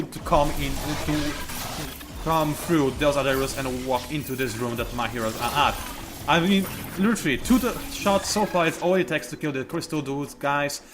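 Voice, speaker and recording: Lively-voiced man commentating a game. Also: a little high. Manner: chatty, explains moves as he plays, trails off and restarts. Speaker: let's play commentator. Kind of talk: gameplay commentary. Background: game music.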